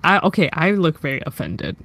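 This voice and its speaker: A woman's voice: low-pitched, huge pitch swings, brisk, a bit bright. A woman playing a tabletop game, playful and incredulous. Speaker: player. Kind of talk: casual tabletop play.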